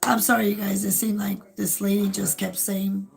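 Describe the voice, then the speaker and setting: A woman hosting a casual livestream, hoarse from losing her voice, rambling with many fillers. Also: medium pitch, little pitch movement, normal speed, faint music behind, rough recording. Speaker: host.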